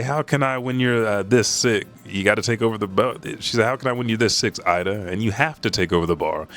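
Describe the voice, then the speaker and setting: Profane man reading and reacting. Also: lowish voice. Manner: profane, animated reading of dialogue in quick bursts. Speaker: manga reaction host.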